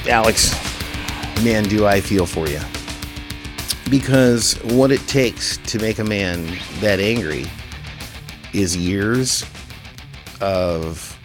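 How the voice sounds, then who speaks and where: A male show host speaking straight to camera in a live stream, earnest and halting, with many restarts. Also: lowish voice. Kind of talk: emotional address to camera.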